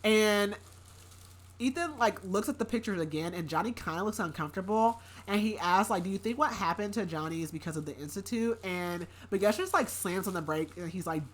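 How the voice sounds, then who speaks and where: A woman's voice: medium pitch, fairly quick. A woman hosting a book podcast, casually recapping a story in a rambling way with many filler words.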